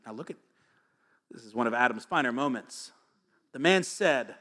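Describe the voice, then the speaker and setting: Bright-voiced joking pastor, a man. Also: medium pitch, normal speed, long pauses. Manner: energetic, joking, reads scripture aloud. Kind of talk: sermon.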